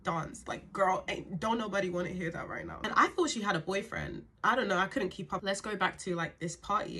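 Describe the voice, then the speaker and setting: A woman's voice: medium pitch, a bit bright, slightly rough. A woman in her twenties telling a casual storytime, chatty with lots of asides to her viewers.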